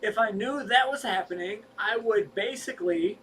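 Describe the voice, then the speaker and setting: A man's voice: high-pitched, normal speed, pushed and bright, recorded from a distance, low-quality recording. A man co-hosting a casual livestream chat, rambling and restarting as he talks, set back from the mic with faint noise behind. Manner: rambling, restarts often, stretches words when stressing them. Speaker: co-host of a fish rescue livestream.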